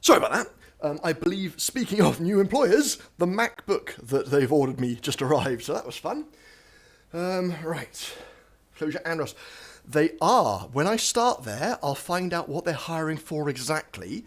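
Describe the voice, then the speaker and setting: Husky, breathless man live-coding on stream. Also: fairly high pitch, big pitch swings, moderate pace. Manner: thinks aloud, chatty with frequent ums and asides. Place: home office at a standing desk.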